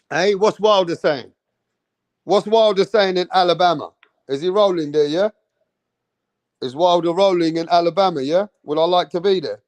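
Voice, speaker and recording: A livestream host with a slightly high, darkish voice rambles loosely and swears while reading out viewer comments. The recording is dry.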